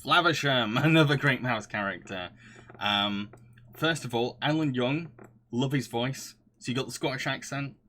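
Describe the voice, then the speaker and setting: A man's voice: mid-range voice, pushed and bright, slight background noise. Guy streaming, gushing and giggling a lot, restarts constantly, regular mid voice. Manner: gushing, laughs often, rambles with restarts. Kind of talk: casual chat, reading chat.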